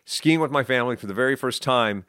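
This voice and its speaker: Middle aged guy telling stories in an interview, mid-pitch voice, playful and self-mocking. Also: smooth. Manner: animated, self-deprecating storyteller with quick asides. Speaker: interview guest. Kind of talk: casual storytelling interview.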